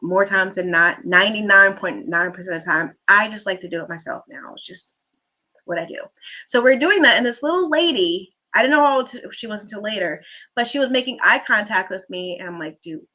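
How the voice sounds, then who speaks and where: Bright-voiced woman hosting a casual live chat. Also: medium pitch. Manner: chatty, rambling storyteller who reads out viewer comments. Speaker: livestream host.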